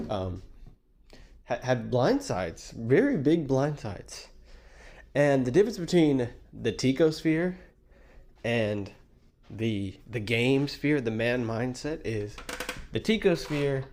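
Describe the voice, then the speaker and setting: A man rants sarcastically at a clip he is reacting to, mocking the people in it. His voice sits at an ordinary middle pitch, and his delivery is scornful and theatrical. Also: a little mellow. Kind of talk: sarcastic rant commentary.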